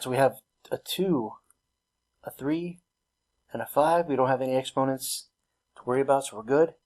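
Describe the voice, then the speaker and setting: In this recorded math lesson, a male teacher speaks at medium pitch with a slightly mellow tone. His manner is relaxed and self-deprecating as he talks through the work step by step, laughing at himself along the way.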